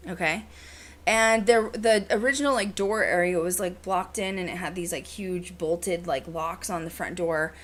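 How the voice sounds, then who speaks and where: A woman hosting a podcast, telling a story in casual chat, animated and full of "like" and "you know". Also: on the low side, moderate pace. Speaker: podcast host.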